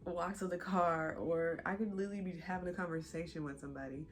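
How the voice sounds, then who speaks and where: A young woman vlogger chatting casually to her viewers, a bit out of breath and animated. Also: on the low side, fast talker, faint music behind. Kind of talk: casual chat to camera.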